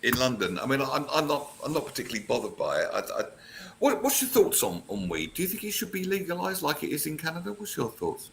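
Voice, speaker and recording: Gravelly bright-voiced co-host man. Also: on the high side, quick pace, a little hiss or hum. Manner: curious, asks questions, lively. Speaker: radio show co-host. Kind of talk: casual chat.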